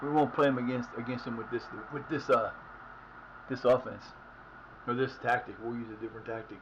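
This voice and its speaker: A man's voice: mid-range voice, fairly even intonation, a little fast, highs cut off. Guy cussing at a soccer game on stream, mid voice, noisy hum behind him. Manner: frustrated, profane ranting at the game. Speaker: streamer playing a football management game. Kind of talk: live game commentary.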